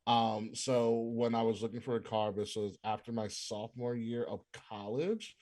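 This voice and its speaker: A man's voice: mid-range voice, fairly even intonation, normal speed, darkish tone. A man, co-hosting a podcast and telling a casual story with lots of fillers. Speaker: podcast co-host. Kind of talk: casual chat.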